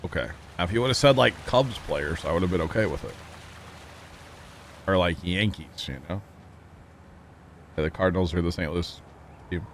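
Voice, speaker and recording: A man with a very low voice chats casually while streaming a farming game, joking around and answering his chat. Faint game vehicle noise hums in the background. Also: normal speed, pauses often. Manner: chatty, jokey, reading chat aloud.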